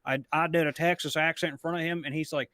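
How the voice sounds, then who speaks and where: A man who narrates and does voices, chatting casually on a live stream, animated and swearing freely. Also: on the high side, fast, no room sound, clean studio sound. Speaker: narrator and voice actor.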